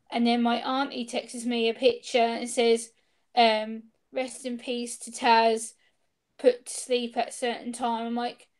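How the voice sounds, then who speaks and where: A woman's voice: fairly high pitch, unhurried. A young woman, the interview guest, telling a personal story in casual chat and acting out the quoted exchanges. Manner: animated, acts out quoted exchanges. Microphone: video call.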